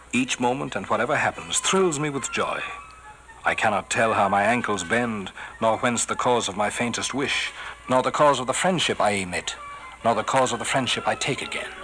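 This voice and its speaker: A man giving a theatrical poetry recitation, swelling on some phrases and dropping to a hushed whisper on refrains. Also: on the low side, expressive, normal speed, low-quality recording. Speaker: poetry reader.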